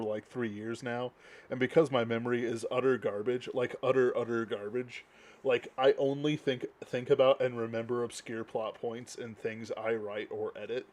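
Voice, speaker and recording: A man's voice: mid-range voice, darkish tone. A man hosting a podcast in casual chat, talking in a rambling, self-deprecating way. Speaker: podcast host.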